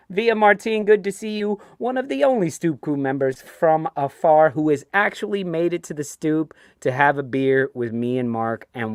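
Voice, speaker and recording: A man's voice: a little high, dry recording, clean studio sound. Chatty New York man hosting a stream. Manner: chatty, ranting, reads viewer comments aloud. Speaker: host of a fan show. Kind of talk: casual live-stream chat.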